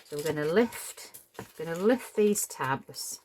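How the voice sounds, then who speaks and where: Slow, low-voiced chatty woman. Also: lively intonation, darkish tone, a little hiss or hum. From Cheshire, England. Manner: chatty, apologetic, wanders off on tangents. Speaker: papercraft tutorial host. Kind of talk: casual crafting demonstration.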